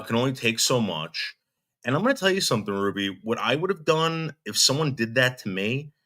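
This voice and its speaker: Reacting to a clip on stream, a man hurls blunt scorn and addresses its subject head-on. He speaks at medium pitch with a pushed, bright quality.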